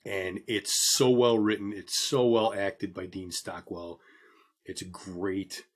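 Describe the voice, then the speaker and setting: Low-voiced man co-hosting a casual podcast. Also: takes it slowly, slightly rough. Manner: relaxed, rambling with many ums. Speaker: podcast co-host. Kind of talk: casual chat.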